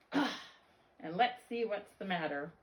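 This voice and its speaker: A woman reads the part of a kindly vet in a children's story, coaxing and calm with his patient. He speaks slowly, and his pitch moves a lot. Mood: reassuring. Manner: gentle, reassuring, coaxing.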